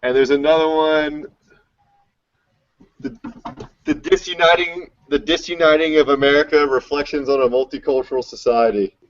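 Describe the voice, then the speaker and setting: A man's voice: a little high, steady tone, normal speed, pauses often. A male panelist on a video call, chatting casually in a laid-back, agreeable way. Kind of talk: casual chat. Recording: dull lo-fi call audio.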